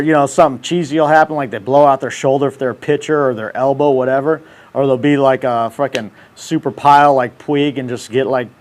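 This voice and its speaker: A man in his thirties hosting a casual livestream, ranting in brash, profane, slangy banter. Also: mid-range voice. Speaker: show host.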